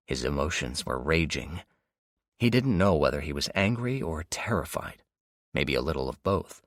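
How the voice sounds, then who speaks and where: A man narrating an audiobook in steady, dramatic storytelling. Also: extremely low pitch, normal speed, no echo, clean studio sound. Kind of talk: scripted narration.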